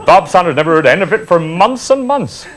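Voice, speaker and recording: A man's voice: sits high, sing-song, fast talker, a bit bright. A man, telling an old reminiscence in broad dialect with chuckles. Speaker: storyteller. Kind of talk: spoken reminiscence, folk tale.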